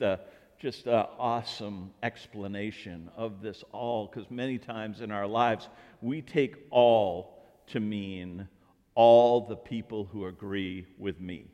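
Animated pastor preaching in a reverberant hall. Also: male voice. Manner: animated storytelling, acting out dialogue with swings of pitch and volume. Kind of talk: sermon. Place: church sanctuary.

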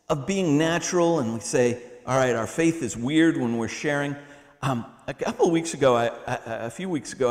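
A middle-aged man preaching a sermon in a church, conversational and animated, with humorous asides. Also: on the high side. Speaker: pastor. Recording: long hall reverb.

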